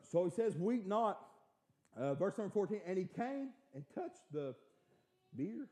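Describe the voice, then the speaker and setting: High-voiced preacher, shouting then hushed. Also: male voice, sing-song, moderate pace. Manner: swings between shouted preaching and quiet, soft-spoken storytelling; repeats and restarts words in bursts. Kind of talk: sermon. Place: church sanctuary.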